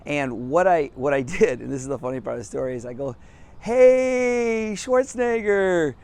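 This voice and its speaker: A man's voice: mid-range voice, fast talker, gravelly, a little mellow. Middle-aged man, casual storyteller, self-deprecating, outdoors on a sidewalk. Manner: upbeat, laughs often, self-deprecating. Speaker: business coach.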